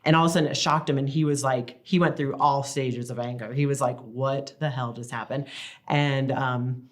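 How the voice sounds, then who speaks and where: A woman in her thirties, a guest in a casual interview, telling family stories in a chatty, animated way. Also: extremely low pitch, brisk. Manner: chatty, animated storytelling with acted-out quotes. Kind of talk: casual chat.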